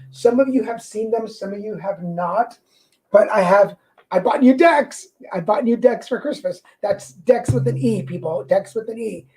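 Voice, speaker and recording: A woman with a slight Mexican accent, hosting a livestream tarot show and chatting casually and excitedly to viewers, often restarting her sentences. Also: medium pitch, low-quality recording. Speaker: livestream tarot reader host. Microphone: corded mic.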